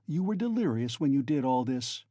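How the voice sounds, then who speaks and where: A man's voice: medium pitch, sing-song, normal speed, dark tone, no echo. A man voicing a sly, genial male investigator who talks in a fussy, insinuating way. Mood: coaxing. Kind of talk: audiobook character reading.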